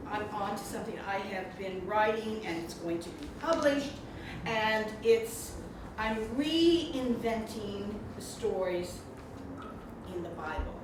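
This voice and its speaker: A woman's voice: medium pitch, noisy background. Older woman chatting away, laughing a lot, echoey room, mic far off. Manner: warm, chatty, laughs often. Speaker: speaker introducing the author. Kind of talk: casual spoken introduction at a book event. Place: indoor reception room.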